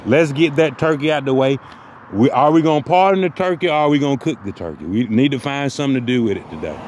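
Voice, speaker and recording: A man's voice: on the high side, noisy background. A man delivering a profane, mock-motivational comic rant that loops back on the same phrases. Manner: mock-motivational, repeats phrases, heavy cursing.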